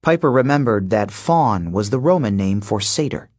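This is scripted audiobook narration by a man whose voice runs on the low side. He tells the story at a steady, measured pace.

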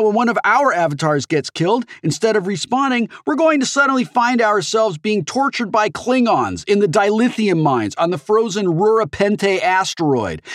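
A woman's voice: deep voice, no room sound, clean studio sound, voice pushed up. A man voicing a frantic, foul-mouthed young woman gamer in an audiobook who swears and tips into hysteria.

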